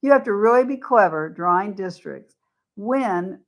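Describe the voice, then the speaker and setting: A woman's voice: medium pitch, lively intonation, measured pace. A woman candidate, a guest on a radio talk show, explaining her views in conversational talk. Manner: conversational, explains at length with restarts. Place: radio studio.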